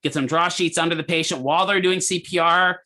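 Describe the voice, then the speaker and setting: A man lecturing a physical therapy class, with a bright, forceful voice sitting a little high. He tells a clinical case like a story and stops to quiz his students. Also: fairly quick. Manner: animated storyteller, asks the class questions.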